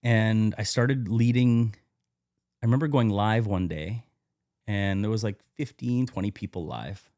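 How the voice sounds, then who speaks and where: A man with a lowish voice tells his life story as a podcast guest, candid and animated, swearing freely. The sound is dry and close to the mic. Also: measured pace, no echo. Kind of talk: casual storytelling interview.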